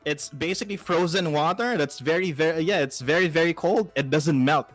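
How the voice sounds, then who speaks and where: A man's voice: fairly quick, a bit bright, soft background music, lightly acted. A man voicing a pushy, rambling ice merchant who talks up his wares in a raised voice. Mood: salesy. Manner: eager sales pitch, rambling. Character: pushy male ice merchant, adult, salesy.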